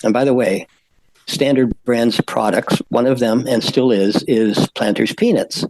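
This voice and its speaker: An older man, a podcast guest, telling stories in a halting way with many fillers and restarts. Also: mid-range voice, darkish tone, rough recording. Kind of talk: anecdotal storytelling.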